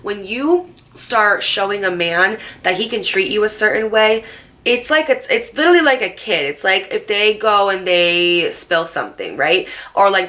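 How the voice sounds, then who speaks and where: A woman in her late twenties telling a storytime vlog to camera, animated and sassy, swearing freely. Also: medium pitch. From New Jersey. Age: late 20s. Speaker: storytime vlogger.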